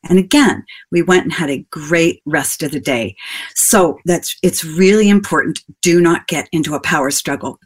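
A woman's voice: sits low, normal speed, husky. Older woman giving a chatty parenting talk. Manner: conversational, asks the audience questions and tells personal stories. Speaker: parenting speaker.

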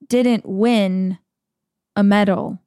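A woman imitating a solemn male documentary narrator, speaking slowly and in a hushed voice. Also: medium pitch, fairly even intonation, clean tone, dry recording, clean studio sound.

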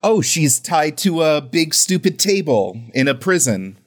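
A man's voice: fairly high pitch, sing-song, unhurried. A man co-hosting a podcast, riffing on a movie with wry, sarcastic jokes in a casual chat. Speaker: podcast co-host.

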